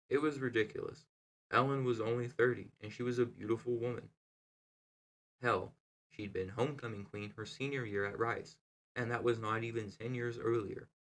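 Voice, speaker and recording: Man, reading a novel aloud, steady measured narration, gravelly, fairly low voice. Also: low-quality recording. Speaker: reader.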